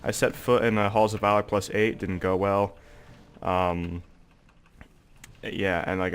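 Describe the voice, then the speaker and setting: A man's voice: low voice, slight background noise. A young man with a congested, stuffy voice, rambling in casual gameplay commentary with lots of "like" and "um" fillers. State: congested, sore throat. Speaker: gaming video creator.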